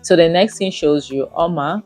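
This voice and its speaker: A woman's voice: on the low side, moderate pace, a little mellow, faint music behind. A Nigerian woman recapping and reviewing a drama episode in a casual, rambling way, with many fillers. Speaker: series reviewer.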